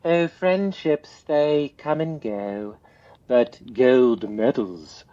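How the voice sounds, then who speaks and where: A man doing an impression of a blunt British male rowing coach, with a put-on British accent and slow, drawn-out sayings. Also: medium pitch, steady tone, mellow, lo-fi sound. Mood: wry.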